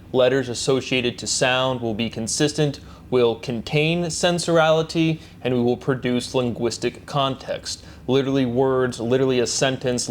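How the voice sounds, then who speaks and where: A man's voice: medium pitch, a little hiss or hum. A man hosting his own solo series, talking in a repetitive way and chanting rhetorical questions and stock phrases. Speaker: host of a solo word-derivation series. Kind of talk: solo spoken monologue.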